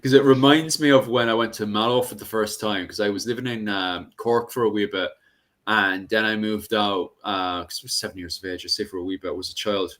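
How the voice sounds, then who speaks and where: A man's voice: on the low side, steady tone, fairly quick, fairly bright tone. A man hosting a casual live-stream chat, joking and bantering, swearing in passing. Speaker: show host.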